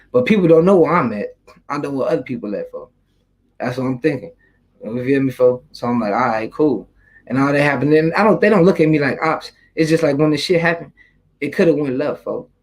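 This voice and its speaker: A man's voice: medium pitch, darkish tone, rough recording. A young man casually telling a street story in loose, rambling slang, swearing freely.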